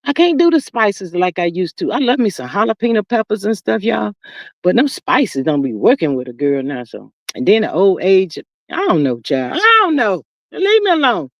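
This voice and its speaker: A middle-aged woman hosting a livestream, chatting casually with viewers and reading their comments in an animated, talkative way. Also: mid-range voice, normal speed, no room sound. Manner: chatty and animated, calls viewers "child" and "y'all". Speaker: livestream host. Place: sitting outdoors.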